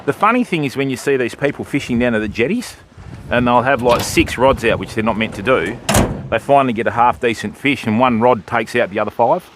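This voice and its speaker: A man's voice: medium pitch, brisk, heavy background noise. An Australian man chatting casually with viewers on a live fishing stream from an outdoor beach. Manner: chatty, matey, answering viewers.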